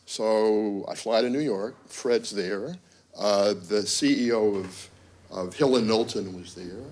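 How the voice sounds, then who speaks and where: A man's voice: lowish voice, slow, darkish tone. A middle-aged man, a university dean, giving a symposium talk full of wry asides and acted-out quotes. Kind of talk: symposium speech with anecdotes. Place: conference room.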